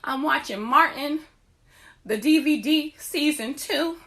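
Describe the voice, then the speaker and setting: A woman hosting a podcast, telling a personal story to her listeners in an animated, profane way. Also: high-pitched, measured pace. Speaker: podcast host.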